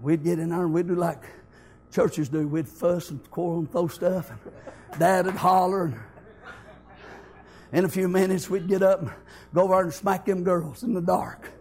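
A male preacher, telling stories in a fervent sermon that builds to impassioned shouting. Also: high-pitched, steady tone, normal speed, long pauses, slightly rough.

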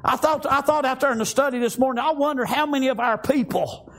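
Brief: male preacher, high-pitched, fervent sermon delivery, full of amens. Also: fast, a bit bright. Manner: fervent, peppered with "praise God" and "amen".

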